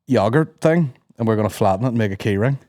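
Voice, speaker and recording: A man, a podcast guest cracking deadpan jokes in casual chat. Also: lowish voice, fast talker, no room sound. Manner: dry deadpan quips, bursts into shouted impressions.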